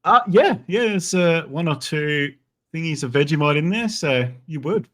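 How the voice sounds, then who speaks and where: An Australian man with an Australian accent, chatting as a guest in an easygoing way. His voice sits somewhat high and moves up and down with lively pitch. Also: moderate pace. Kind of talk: casual chat.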